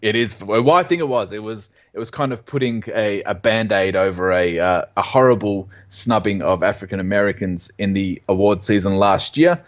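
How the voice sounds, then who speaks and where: A man with a lowish voice co-hosts a movie podcast in casual chat. He gives his picks at length, in an earnest way with plenty of fillers. The recording sounds a bit dull and muffled. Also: normal speed, few pauses. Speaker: podcast co-host.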